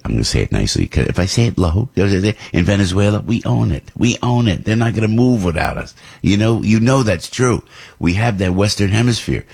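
A man's voice: low-pitched, a little mellow, breathy edge. A talk radio host from New Jersey giving opinionated commentary, rambling and restarting his sentences often. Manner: rambling, with many restarts and repeats.

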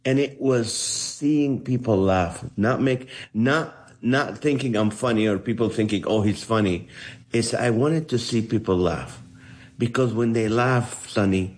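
A man's voice: mid-range voice, a little slow. A middle-aged man, a comedian, telling stories in an interview and acting out the voices of the people in them. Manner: animated storyteller acting out voices. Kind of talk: storytelling in an interview.

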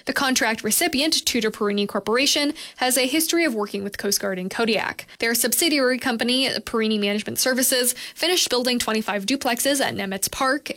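A woman reading a local radio news report in a steady, clear newsreader manner. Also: a little high.

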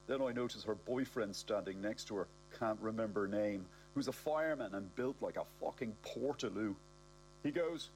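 A man's voice: mid-range voice, normal speed, slight background noise, poor audio. A man with a South Dublin accent narrating a comic audiobook, cocky and self-mocking.

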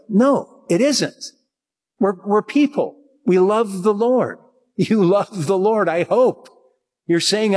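Husky preacher in an echoey hall. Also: male voice, sits high, lively intonation. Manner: earnest, halting with restarts, slows to read scripture. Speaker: pastor. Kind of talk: sermon. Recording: long hall reverb.

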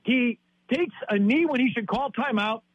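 A man in his fifties, from Wisconsin, delivers an exasperated sports-talk rant, repeating himself as he goes. His voice sits high and comes out husky. The sound is dry and close. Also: moderate pace, dry recording, dull audio. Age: 50s.

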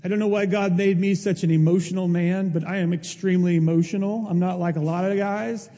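A man's voice: high-pitched, steady tone, a little fast, warm tone. A male pastor preaching a sermon in an earnest, emotional way, rising to emphatic peaks. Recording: long hall reverb.

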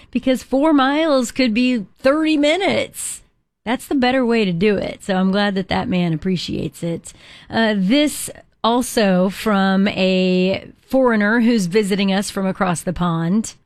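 A woman's voice: medium pitch, measured pace, no echo. A woman hosting a live morning show, chatty and upbeat as she introduces clips. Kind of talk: live broadcast chat.

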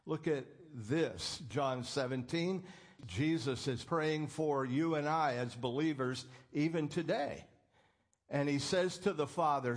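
A man's voice: fairly high pitch, slow. A man preaching a sermon in an earnest, emphatic way, quoting scripture as he goes.

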